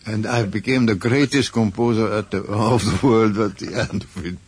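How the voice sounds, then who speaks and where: An older man with a Hungarian accent, a composer telling a lively anecdote as a radio interview guest. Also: on the low side, moderate pace, slightly rough. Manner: lively storyteller, acts out quoted voices.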